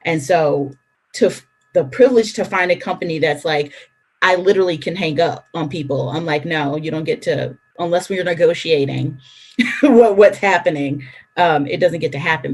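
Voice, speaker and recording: A woman speaking as a panelist in a casual discussion, frank and animated, acting out what others said. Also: low voice.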